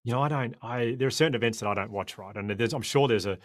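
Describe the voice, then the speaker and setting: A man's voice: mid-range voice, fast, dry recording, studio quality. An Australian man in his forties, a podcast guest talking with passion and frequent restarts. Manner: impassioned, rambling with frequent restarts. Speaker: guest, former cricketer turned sprinter. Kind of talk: podcast conversation.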